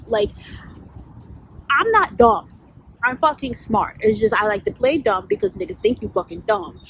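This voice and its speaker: A woman's voice: mid-range voice, vocal fry, a little hiss or hum, low-quality recording. A woman, a life coach telling a candid, profanity-laced story in a storytime vlog.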